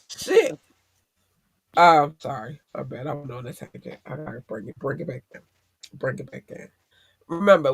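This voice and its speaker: A man's voice: on the high side, creaky, a bit bright, no echo. A man hosting a podcast, giving blunt, profane advice in a casual monologue. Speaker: podcast host.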